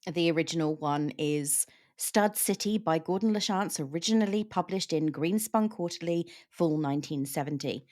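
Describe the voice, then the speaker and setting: A woman with a somewhat low voice talks a novel through in relaxed conversation. She explains her points carefully, pausing to find the right words. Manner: explanatory, thoughtful. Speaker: book discussion host. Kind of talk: casual book chat.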